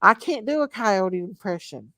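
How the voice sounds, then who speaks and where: A woman's voice: medium pitch, expressive, moderate pace, bright, forceful tone, no echo. A woman hosting a casual late-night livestream chat, chatty and laughing often, with a drawling country way of talking. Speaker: channel host.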